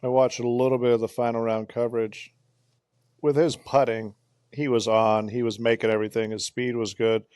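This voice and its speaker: A man's voice: medium pitch, flat delivery, normal speed, darkish tone, smooth, no room sound. A man co-hosting a podcast in casual chat, talking in a chatty way and running through lists of picks. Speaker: podcast co-host.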